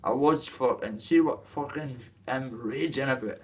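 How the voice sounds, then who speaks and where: A man's voice: mid-range voice, unhurried, a little mellow, distant mic. A man with a Dundee Scottish accent, ranting to camera about his boxing, in a coarse, rambling way with plenty of swearing. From Dundee, Scotland. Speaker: boxer telling his story. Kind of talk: casual rant to camera.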